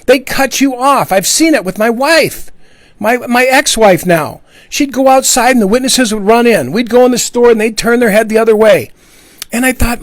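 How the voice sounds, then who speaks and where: Middle-aged man, high pitch, passionate repetitive monologue. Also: animated, moderate pace, dry recording. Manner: earnest, repetitive, acts out quoted voices. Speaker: ex-Jehovah's Witness speaking out. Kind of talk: impassioned monologue.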